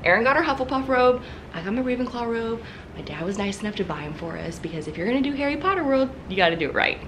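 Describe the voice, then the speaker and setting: A chatty young woman hosting a casual travel vlog, excitable and quick to laugh. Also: on the high side, slight background noise, low-quality recording. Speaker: vlogger. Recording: music playing under the voice.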